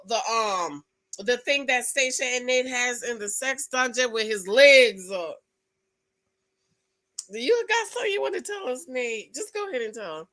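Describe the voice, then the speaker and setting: A woman hosting her own channel, chatting through a reality TV recap with gossipy asides and quick exclamations. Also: high-pitched, bright, forceful tone. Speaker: channel host. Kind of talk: casual reality TV recap commentary.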